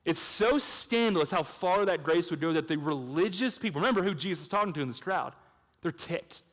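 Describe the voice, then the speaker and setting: A man preaching an evangelistic sermon, swinging between hushed intensity and loud emphatic points, with chatty storytelling asides. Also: on the high side, animated, brisk. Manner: conversational storytelling with fillers. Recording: long reverb of a large hall.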